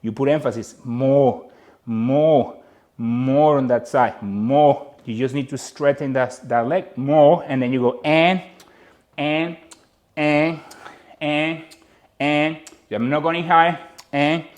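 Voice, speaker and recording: A man with a Latin American Spanish accent runs a dance lesson. He speaks in an unhurried, measured way and counts the beats aloud. He repeats each cue so the student can follow. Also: a little high, fairly even intonation, a little mellow. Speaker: dance instructor.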